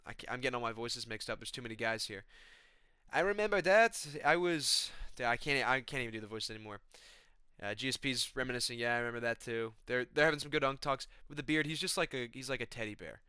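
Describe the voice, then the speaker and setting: Bright, clear young man chatting with slang. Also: medium pitch, steady tone, fast talker, no echo, clean studio sound. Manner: loose, slangy, says "bro" and "man". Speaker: YouTuber, MMA commentator. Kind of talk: casual comedic vlog storytelling.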